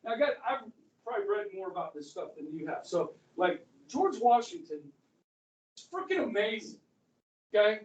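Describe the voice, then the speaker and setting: A man's voice: high-pitched, very animated, moderate pace, muffled recording. A middle-aged man teaching history to a class, chatty, who keeps checking in with "okay?". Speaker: high school history teacher. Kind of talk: classroom lecture. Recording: echoey classroom from far off.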